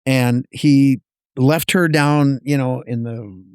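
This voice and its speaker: Animated male storyteller, dry sound. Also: medium pitch, slow, clean tone, no room sound. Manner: animated storyteller, acts out dialogue. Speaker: podcast guest. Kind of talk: casual chat.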